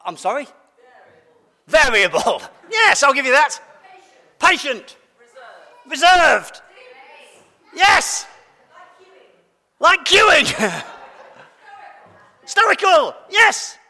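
A man leads a playful sermon and trades quick banter with the congregation. His voice sits high and swings widely in pitch. It rings out with a long echo through a large church. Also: very animated, pushed and bright. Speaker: preacher. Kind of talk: interactive sermon. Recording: long church hall reverb.

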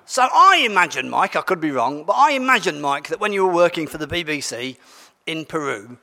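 A man's voice: on the high side, big pitch swings, a little fast, vocal fry, sharp tone. A man, preaching a playful, interactive sermon and bantering with his congregation in a large church. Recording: long church hall reverb.

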